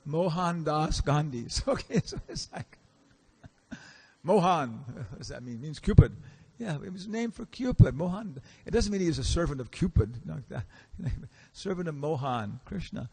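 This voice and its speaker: A man's voice: a little high, lively intonation, moderate pace, gravelly, a little mellow, husky. A man giving a casual, storytelling lecture in a temple hall, acting out the characters he quotes and asking the audience questions. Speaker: visiting lecturer.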